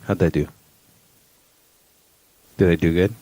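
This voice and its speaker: A man's voice: sits low, sing-song, measured pace, pauses often, a little mellow, no echo, rough recording. A man co-hosting a podcast in casual chat, teasing and joking with his co-host.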